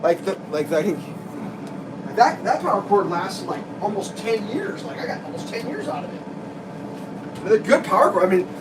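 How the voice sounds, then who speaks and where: A man's voice: sits high, big pitch swings, moderate pace, heavy background noise. A man vlogging from his kitchen, telling an exasperated, rambling story with frequent restarts and laughs. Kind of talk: casual storytelling rant. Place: home kitchen, making breakfast.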